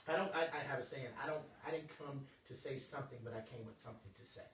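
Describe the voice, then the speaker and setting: A young man giving an informal motivational talk to a small group, lively and joking in a preacherly way, calling on his audience. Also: medium pitch, brisk, a little hiss or hum. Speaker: motivational speaker. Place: indoor room with a small audience. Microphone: phone livestream from across the room. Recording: echoey room, voice from a distance.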